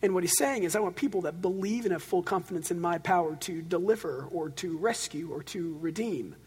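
High-voiced preacher, animated, in a hall. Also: male voice, a little fast, husky. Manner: animated storytelling, swings from loud to hushed. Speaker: pastor. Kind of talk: sermon. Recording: long reverb of a large hall.

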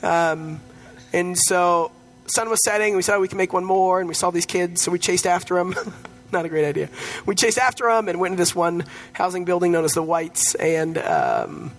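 Male pastor with a high voice, conversational, storytelling sermon. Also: animated, normal speed, a bit bright, soft background music.

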